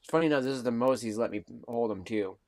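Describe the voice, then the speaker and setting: A man hosting a casual live stream, cooing affectionate baby talk and soft murmurs. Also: medium pitch, fast talker, dry recording. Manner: coos affectionate baby talk at a pet cat; soft-spoken, drifting between murmurs and bright calls.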